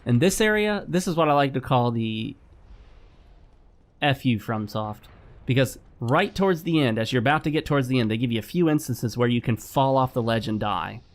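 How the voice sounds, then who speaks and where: A man's voice: medium pitch, normal speed. A man giving casual gameplay commentary as a gaming channel host, lecturing and repeating himself while he plays. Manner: lecturing, repetitive, talks while playing.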